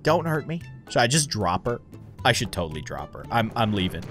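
A man giving jokey let's-play commentary, swinging between shrieks and deadpan asides. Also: fairly low pitch. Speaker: gaming YouTuber.

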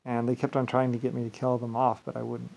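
Man with an average-pitched voice, rambling grandly to camera, volume rising and falling. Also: monotone, fast talker, gravelly, a little hiss or hum, rough recording. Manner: meandering, repeats "like I said", swings between loud and quiet; grandiose, self-assured. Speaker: vlogger. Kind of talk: rambling solo monologue.

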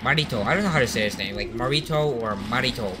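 A young man giving rambling, excitable commentary while playing an online game, with sudden outbursts. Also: lowish voice, rapid-fire. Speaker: gaming commentator. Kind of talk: casual gameplay commentary. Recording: noisy game audio behind.

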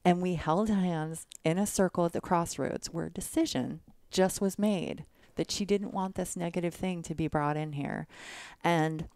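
A woman's voice: on the low side, normal speed, smooth, no room sound. A woman guest on a podcast telling a story casually, acting out what others said. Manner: animated, acts out quotes of others.

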